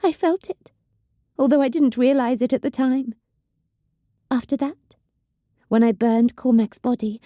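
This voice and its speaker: A woman's voice: fairly high pitch, no room sound, studio quality, pitched above the performer's own voice, lightly acted. A woman voicing a bitter, volatile young female psyker cultist who hisses and snarls in anger. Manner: hissing, snarling, shouting in anger.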